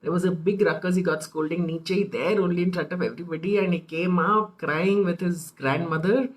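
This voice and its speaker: A woman in her thirties with an Indian English accent, giving an informal parenting talk full of personal anecdotes. She tells her stories in an animated way and acts out what family members said. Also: fairly low pitch, brisk, low-quality recording. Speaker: parenting speaker.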